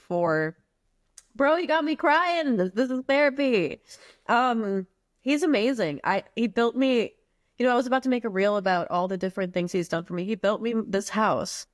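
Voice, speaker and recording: In a candid personal conversation, this podcast guest from the U.S. Virgin Islands talks heartfelt and slangy. She has a medium pitch, and the recording is dry with a close sound.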